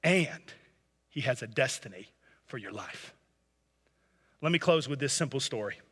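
A man's voice: mid-range voice, expressive, measured pace, pushed and bright, slightly rough, in a large hall. A man preaching a sermon and telling a story in an earnest, impassioned way. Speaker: pastor.

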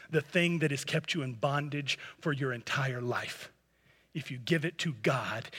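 A man's voice: sits high, bright, forceful tone, long reverb tail. A man preaching a sermon and telling a story in an earnest, impassioned way. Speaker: pastor.

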